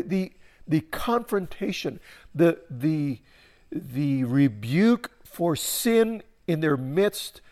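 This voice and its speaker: Repetitive, emphatic male preacher. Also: darkish tone. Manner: repeats words and restarts phrases, rising to emphatic peaks then dropping low. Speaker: pastor. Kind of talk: sermon.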